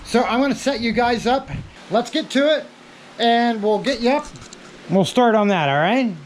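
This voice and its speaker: A man's voice: extremely high pitch, animated, moderate pace, a little hiss or hum, rough recording. A man hosting a casual workshop vlog from his small home garage, joking and easygoing, with the odd curse word. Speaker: garage channel host.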